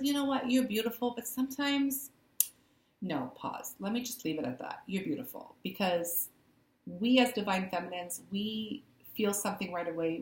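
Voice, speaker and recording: Woman tarot reader, low voice, casual and warm to camera, echoey room. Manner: laughs easily, says "um", direct address. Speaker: spiritual coach giving a tarot reading. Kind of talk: casual spiritual reading to camera.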